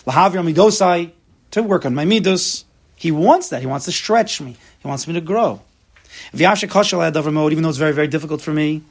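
Male Torah teacher, gravelly husky voice, punchy classroom delivery. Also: fairly high pitch, a little fast. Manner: emphatic, mixes Hebrew terms into English. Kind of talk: lecture to a class.

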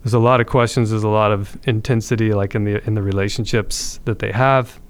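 A man's voice: lowish voice, fairly even intonation, fairly quick. A man, a podcast guest, telling his conversion story in an earnest, reflective way with frequent restarts.

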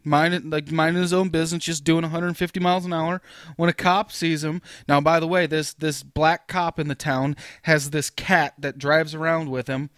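A man co-hosting a casual podcast chat, animated and swearing freely as he tells a story. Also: fairly high pitch, moderate pace, clean tone, no room sound, clean studio sound. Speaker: podcast co-host.

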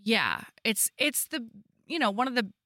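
Woman podcast co-host, lively casual chat, bright voice, dry recording. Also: a little high, moderate pace, dry recording. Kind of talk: casual chat recapping a book.

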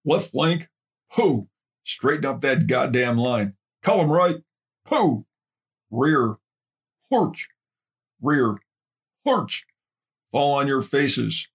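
A man voicing a harsh, profane Marine drill instructor who barks commands at recruits, with a gravelly, husky voice. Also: mid-range voice, steady tone, moderate pace. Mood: shouting.

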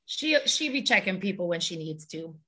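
A woman's voice: on the low side, sing-song, moderate pace, pushed and bright, husky. A woman co-hosting a podcast panel, introducing segments to listeners and laughing easily. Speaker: podcast co-host presenting a segment. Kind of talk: casual panel chat.

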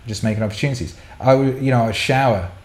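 A man's voice: mid-range voice, fast, a little mellow. A middle-aged man hosting a casual chat show, answering listener questions in a candid, rambling storytelling way with repeated words.

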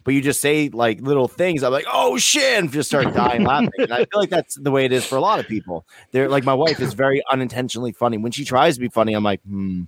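A man's voice: mid-range voice, fast talker, hardly any pauses, no room sound. A married man chatting casually, teasing his friends and swearing a lot. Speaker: co-host. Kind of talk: casual chat.

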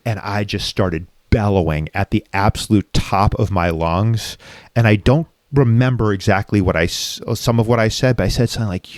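Low-voiced man, candid and raw. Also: normal speed, dry recording, studio quality. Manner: raw, reflective, frequently profane. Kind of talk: candid personal storytelling in conversation.

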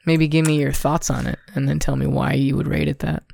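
A man's voice: on the high side, flat delivery, fairly quick, vocal fry, a little mellow, no echo. A young adult man co-hosting a podcast, chatting casually about a movie in a rambling way full of fillers. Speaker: podcast co-host. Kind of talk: casual film chat.

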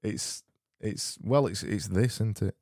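A man hosting a solo comedy podcast, rambling in a deadpan way and often repeating and restarting his phrases. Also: lowish voice, slow pace, vocal fry, no room sound, clean studio sound. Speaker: podcast host.

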